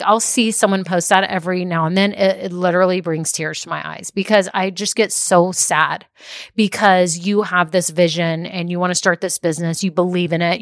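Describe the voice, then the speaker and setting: A woman's voice: fairly low pitch, dry recording, studio quality. A woman who hosts a podcast and coaches small business owners. She talks casually, laughs often and drifts into tangents. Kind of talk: casual solo podcast talk.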